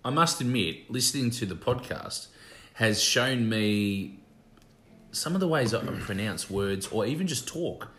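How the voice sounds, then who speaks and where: A man's voice: on the low side, lively intonation, a little slow, fairly bright tone. A man co-hosting a podcast in casual chat, reflective and self-deprecating, who laughs often. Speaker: podcast co-host.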